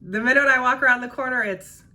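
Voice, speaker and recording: A woman's voice: high voice, fast talker, sharp tone. A woman who works as a restaurant server, chatting casually and emphatically while doing her makeup, repeating her key phrases. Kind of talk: casual chat during a makeup routine.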